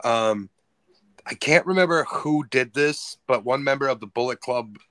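A man's voice: medium pitch, normal speed, a bit bright. A man co-hosting a wrestling podcast, telling a loose anecdote in casual chat. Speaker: podcast co-host.

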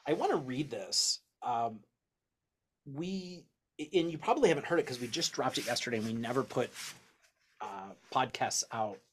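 A man hosting a casual podcast chat, excitable, swearing freely and reading out long lists. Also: medium pitch, normal speed, breathy edge. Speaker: podcast host.

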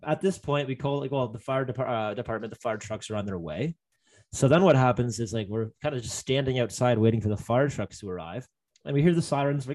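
A man's voice: mid-range voice, fast talker, a little mellow. Young man rambling through a story. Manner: rambling, many fillers and restarts. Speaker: guest telling a story. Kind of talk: casual chat.

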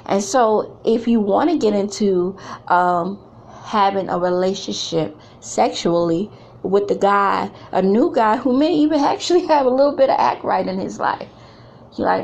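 A woman's voice: medium pitch, normal speed, gravelly, darkish tone. A middle-aged woman giving an emphatic, blunt talk to other women, mixing slang and preachy repetition.

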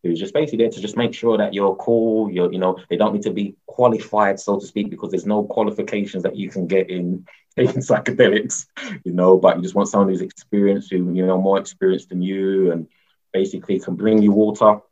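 A man speaks in a very low, husky voice as an interview guest. His talk is loose and rambling, full of fillers and easy laughs. The recording sounds dull and lo-fi. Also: steady tone, brisk, darkish tone. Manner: rambling, many "you know" fillers, laughs often. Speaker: guest, mushroom educator. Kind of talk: casual conversational interview.

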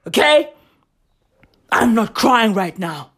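A woman playing a manic male politician who swears nonstop and swears he is fine, his voice leaping high as he forces out laughter. The pitch swings widely and the delivery is drawn out and unhurried between the outbursts. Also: big pitch swings, fairly bright tone, slightly rough, exaggerated voice. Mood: manic denial.

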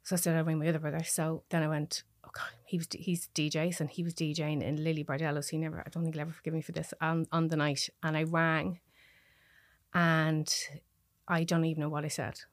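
A middle-aged Irish woman speaks in a low, dry-sounding voice, recounting a personal story as a podcast guest. She talks in halting, emotional bursts with restarts. The recording is close and dry. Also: flat delivery, no room sound. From Dublin, Ireland.

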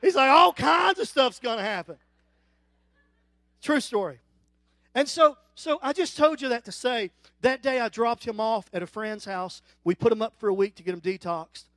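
A middle-aged man preaching a sermon in a church, telling stories that climb to loud, animated peaks. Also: very high voice, moderate pace, dry recording. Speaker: guest preacher.

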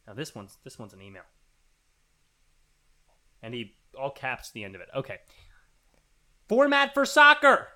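Bright-voiced man chatting casually. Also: on the low side, moderate pace, long pauses. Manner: rambling, thinks aloud with fillers and restarts. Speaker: podcast co-host reading listener emails. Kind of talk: casual chat.

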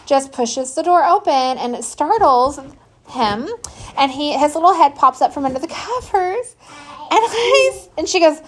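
A woman's voice: sits high, expressive, measured pace. A middle-aged woman telling brash, profane stories about her kids in casual chat. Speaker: podcast host. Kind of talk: casual storytelling.

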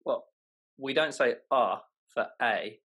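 A man's voice: medium pitch, lively intonation, moderate pace, fairly bright tone, slightly rough. A man with a London accent, guest judging in a casual chat, with dry and wry understatement. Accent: London English. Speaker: guest judge.

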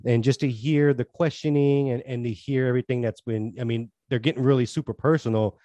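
A man's voice: mid-range voice, steady tone, brisk, mellow, dry recording. Earnest rambling male podcast co-host. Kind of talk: casual chat.

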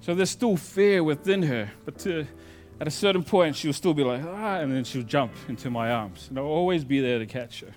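A male pastor preaching a sermon in a conversational storytelling way, moving between loud emphasis and quiet asides. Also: a little high, moderate pace, hardly any pauses, faint music behind.

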